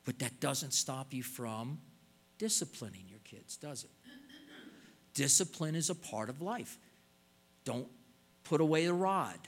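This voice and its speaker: An older man preaches at an unhurried pace, his voice sitting in an ordinary middle register. He talks earnestly, leaning into key words and drawing them out with a pleading tone. It feels like a plain, heartfelt sermon to a congregation. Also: mid-range voice, lively intonation, breathy edge.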